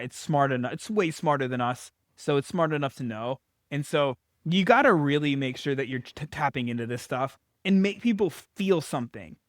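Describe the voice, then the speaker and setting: Casual, slightly high-voiced man coaching on camera. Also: dry recording, clean studio sound. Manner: conversational, frequent fillers and restarts. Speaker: business coach. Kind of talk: casual talking-head advice video.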